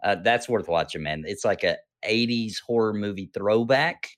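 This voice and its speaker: A man in casual chat, enthusiastic and quick to laugh. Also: fairly low pitch.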